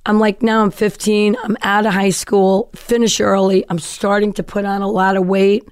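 A woman guest in a casual interview, telling her life story in an animated way and acting out other people's voices. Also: medium pitch, normal speed, clean tone, no echo, studio quality. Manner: animated, acts out quoted voices.

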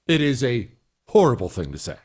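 A man's voice: mid-range voice, sing-song, a little fast, a little mellow, breathy edge. A middle-aged man hosting a talk show, giving blunt, exasperated opinions and answering listener emails. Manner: blunt, exasperated, mocking voices in quotes.

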